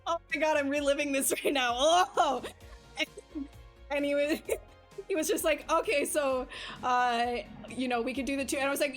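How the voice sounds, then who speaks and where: A woman livestreaming, telling a personal story in casual chat, animated and laughing often, with many fillers. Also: sits high, normal speed, faint music behind. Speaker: livestream artist. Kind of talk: casual chat while streaming.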